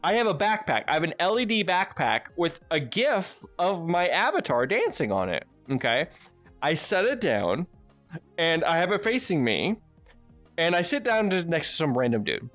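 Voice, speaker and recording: Lively American man telling a story. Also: a little high, moderate pace, no room sound, dull audio, soft background music. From United States. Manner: animated, profane, laughs often while telling stories. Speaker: streamer and channel host. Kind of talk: casual storytelling to stream viewers.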